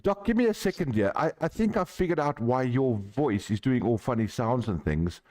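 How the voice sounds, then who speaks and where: A man's voice: medium pitch, animated, moderate pace, a little mellow. A man with a South African accent hosting a live sim racing broadcast, upbeat and chatty. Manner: upbeat, chatty, fixing tech issues on air. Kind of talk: live esports commentary.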